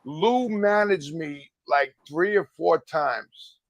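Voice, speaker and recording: A male ex-wrestler guest on a podcast who tells his stories slowly and loops back over the same phrases, swearing as he goes. His voice is fairly high and the recording is dry and close. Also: no room sound. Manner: slow, repeats himself, swears. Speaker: guest, former pro wrestler. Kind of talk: casual storytelling chat.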